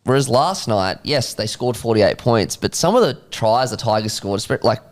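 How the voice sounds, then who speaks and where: A man's voice: medium pitch, expressive, normal speed. A man chatting as a guest on a sports podcast, laughing easily. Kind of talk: casual sports chat.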